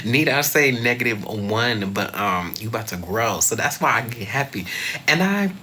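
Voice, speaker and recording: A young man chatting casually to camera as a vlogger, expressive, swinging high and loud, and at times dropping to a soft whisper. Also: moderate pace.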